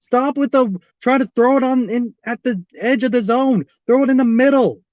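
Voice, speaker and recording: High-pitched male fan streamer, dry dull lo-fi sound, keeps repeating himself in exasperation. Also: moderate pace, no room sound. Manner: exasperated, repeats the same pleas over and over. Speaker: fan streaming a live baseball watch-along. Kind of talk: live fan commentary.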